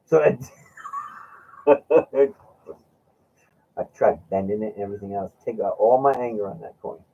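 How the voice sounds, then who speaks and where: In a casual chat recorded with dull lo-fi quality, a male host with a fairly low, creaky, slightly rough voice talks at normal speed. He spins rambling anecdotes, laughs, and acts out his friend's remarks.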